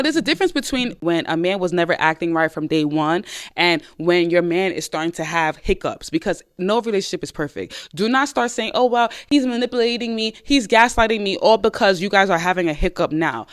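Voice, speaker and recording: Emphatic woman podcast host giving advice. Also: fairly low pitch. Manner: emphatic, repetitive, addresses listeners directly; acts out short quoted lines in conversation. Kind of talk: casual advice talk to listeners.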